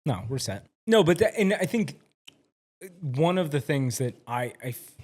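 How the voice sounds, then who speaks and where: A man's voice: on the high side, big pitch swings, unhurried, a little mellow. Enthusiastic man chatting by gut feel. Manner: enthusiastic, talks by gut feeling. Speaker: podcast co-host. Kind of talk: casual chat.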